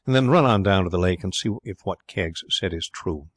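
Guy reading as a hurt host, brisk and short, deep voice, storybook. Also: expressive, no room sound, studio quality. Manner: brief, brisk. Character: injured country-house host, brisk and hearty.

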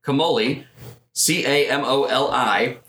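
Bright-voiced man rambling in an echoey room. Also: medium pitch, measured pace. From United States. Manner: rambling, joking storyteller. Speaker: podcast co-host. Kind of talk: casual chat.

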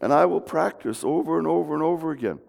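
Speaking fast, this middle-aged pastor has a slightly high, creaky voice with a darkish color. He preaches a homey, conversational sermon in the sanctuary, frequently starting his sentences over, and the hall's long reverb hangs on every word.

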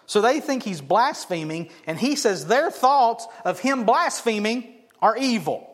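Animated male pastor in an echoey hall. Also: high voice. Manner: animated, asks the congregation questions. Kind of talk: sermon.

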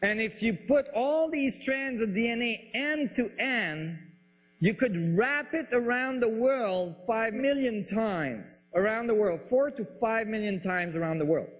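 A man explaining science ideas in a lecture style, halting and searching for words, with frequent restarts. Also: sits high, expressive. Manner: enthusiastic about the ideas. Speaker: speaker on physics and biology.

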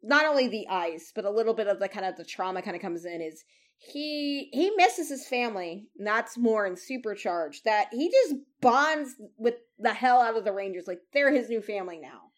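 A woman co-hosts a casual podcast chat, rambling with many restarts and fillers and laughing often. Her mid-range voice is animated and moves at normal speed.

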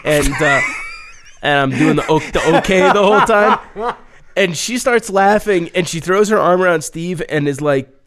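A man's voice: moderate pace, a bit bright. A man in casual chat, telling rambling stories loosely with lots of swearing and fillers. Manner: mimics people's voices in a high, singsong pitch when quoting.

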